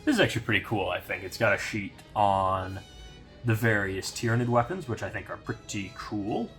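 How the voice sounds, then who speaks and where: Man, young adult, casual unboxing review, rambling, bright voice, faint background music. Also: on the low side, moderate pace. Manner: relaxed, rambling with many fillers. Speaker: hobby reviewer.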